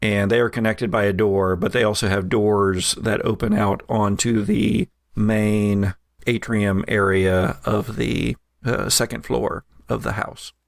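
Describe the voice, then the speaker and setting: A man's voice: fairly low pitch, little pitch movement, a little slow, gravelly, no room sound, studio quality. A man running a tabletop game as game master, explaining the scene with hesitant ums and uhs.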